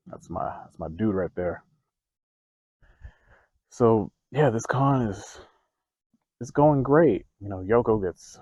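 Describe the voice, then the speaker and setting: Young guy, low mellow voice, casual vlog storytelling, gets loud and laughy, dry dull lo-fi audio. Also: expressive, takes it slowly, long pauses, no echo. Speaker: vlogger telling his life story. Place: outdoors.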